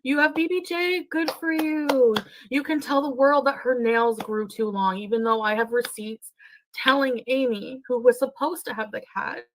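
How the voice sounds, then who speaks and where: A woman's voice: high voice, steady tone, normal speed, a little hiss or hum, poor audio. A woman in a played vlog clip, talking in an aggrieved, defensive way with heavy sighs.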